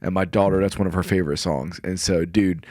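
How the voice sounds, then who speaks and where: A man's voice: low-pitched, steady tone, fairly quick, darkish tone, no room sound, studio quality. A middle-aged man, a podcast guest, telling personal stories in casual chat with an earnest, emotional manner. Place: podcast studio.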